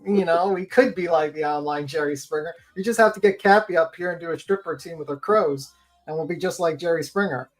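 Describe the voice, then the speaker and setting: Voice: medium pitch, a little fast, faint music behind. A co-host on a casual livestream panel who talks in a rambling, joking way.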